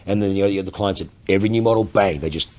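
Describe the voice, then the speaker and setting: Deep-voiced and racing along, an Australian luxury car salesman spins yarns on a casual podcast. He swears constantly, brims with energy, and comes across as a foul-mouthed, animated raconteur.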